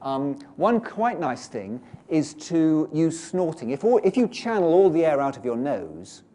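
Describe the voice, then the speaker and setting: A man's voice: on the high side, sing-song, a little slow, dark tone. A British man giving a workshop lecture to teachers, explaining and leading the audience through exercises. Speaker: teacher trainer.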